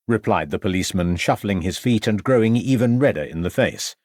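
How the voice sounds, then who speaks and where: A man narrating a crime novel as an audiobook, in a measured storytelling manner. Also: lowish voice, expressive, darkish tone, no echo, clean studio sound. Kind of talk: scripted narration.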